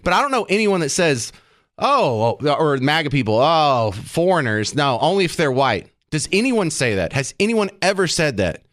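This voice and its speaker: A man's voice: fairly high pitch, a bit bright, no room sound. A man hosting talk radio commentary from a studio, sarcastic and argumentative.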